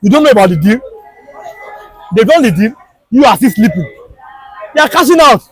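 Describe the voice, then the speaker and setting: A man's voice: extremely high pitch, sing-song, moderate pace, slightly rough, no echo, rough recording. A Nigerian man with a Yoruba accent giving impassioned street political commentary, emphatic and repetitive in a preachy way. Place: outdoors on a Lagos street.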